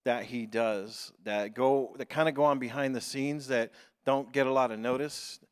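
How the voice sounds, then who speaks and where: A man, a pastor, giving an informal, joking introduction at church, halting with lots of fillers. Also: mid-range voice, fairly even intonation, clean tone. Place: church sanctuary. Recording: long hall reverb.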